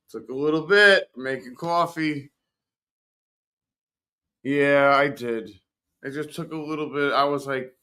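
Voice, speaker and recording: A man's voice: a little high, pushed and bright. A man in his fifties hosting a livestream, rambling casually and retelling his own thoughts. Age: 50s. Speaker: host of a livestream. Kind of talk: casual chat to viewers.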